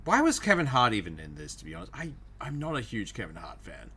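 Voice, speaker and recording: A man's voice: lowish voice, wildly swooping pitch, fast, sharp tone, breathy edge. A man co-hosting a casual podcast, chatty and agreeable, swearing at times. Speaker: podcast co-host.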